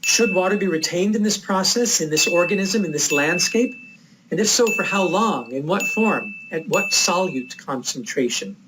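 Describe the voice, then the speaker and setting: A male lecturer with a somewhat high voice, giving a reflective, measured lecture. He tells a personal story at a calm pace. Faint ambience hums under him. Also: background noise. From United States.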